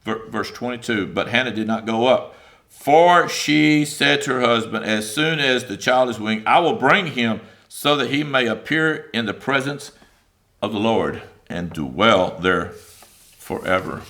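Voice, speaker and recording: Bright-voiced male preacher, animated. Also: medium pitch, a little slow. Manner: conversational, animated preaching with many fillers; reads scripture aloud and paraphrases it. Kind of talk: sermon.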